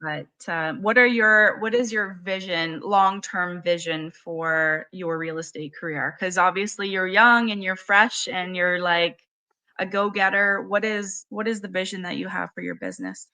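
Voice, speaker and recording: Bright-voiced woman interview host. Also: fairly low pitch, steady tone, a little slow. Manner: enthusiastic, talks with filler words. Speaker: podcast host. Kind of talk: casual interview chat.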